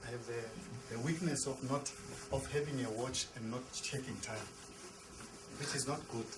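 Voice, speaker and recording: A man's voice: mid-range voice, steady tone, moderate pace, heavy background noise. A man, a pastor, teaching a Bible class. He repeats and restarts words and asks the class questions. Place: classroom with a board.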